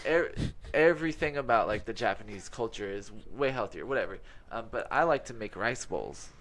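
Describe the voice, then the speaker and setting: A man's voice: on the low side, animated, moderate pace, fairly bright tone. A tired young man co-hosting a podcast, rambling through casual chat with many fillers and restarts. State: tired from having a baby. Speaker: podcast co-host.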